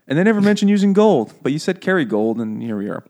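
A man's voice: on the high side, big pitch swings, quick pace, warm tone. A man co-hosting a casual book podcast over beers, joking, swearing freely and laughing at his own jokes. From half Irish family. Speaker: podcast co-host.

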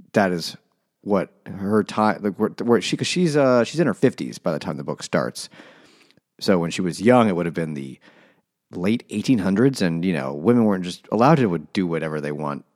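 A man's voice: low voice, darkish tone. A man co-hosting a casual, joking book discussion, swearing and laughing as he talks.

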